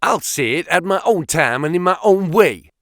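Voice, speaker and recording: A man voicing a jealous, furious young male thug who sneers and shouts in an audiobook. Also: fairly high pitch, lively intonation, moderate pace, no echo, studio quality, pitched above the performer's own voice.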